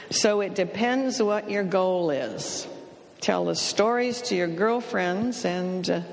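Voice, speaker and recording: In a large hall, a middle-aged Californian woman with a fairly low voice gives a storytelling talk on communication. She speaks slowly and deliberately, acting out the voices of the people she quotes.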